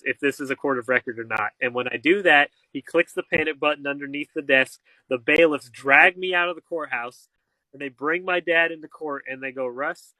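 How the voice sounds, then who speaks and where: Bright-voiced man telling a story. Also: fairly high pitch, dry recording, rough recording. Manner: animated, acts out quoted people. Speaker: interview guest. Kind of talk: storytelling in conversation.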